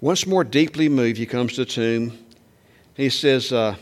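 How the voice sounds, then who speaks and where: A man preaching a sermon in a conversational way, asking the congregation questions and acting out quoted lines louder and higher. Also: unhurried. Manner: acts out quoted speech with raised pitch and volume. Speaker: pastor.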